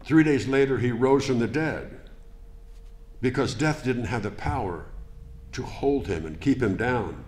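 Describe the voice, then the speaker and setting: A man preaching a sermon as pastor, deliberate and emphatic, with rhetorical questions to the congregation. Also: medium pitch, animated, darkish tone. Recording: echoey church room.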